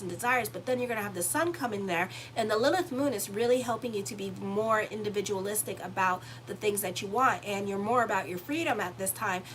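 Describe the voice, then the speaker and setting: A woman's voice: medium pitch, fairly bright tone, slight background noise, rough recording. A woman astrologer giving a casual monthly tarot reading, talking bluntly and sassily straight to her viewers. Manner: blunt, sassy, talks straight to viewers with y'all and okay.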